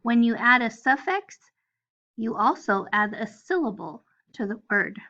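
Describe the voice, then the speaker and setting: A woman's voice: a little high, expressive, unhurried, sharp tone, highs cut off. A woman teaching a phonics lesson to first graders, patiently spelling out letters one at a time. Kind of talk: recorded phonics lesson for children.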